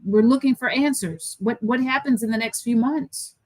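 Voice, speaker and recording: Woman interviewer, slightly high voice, dry close sound, persistent and quick to cut in. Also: a little mellow, no room sound, poor audio. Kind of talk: reading listener questions.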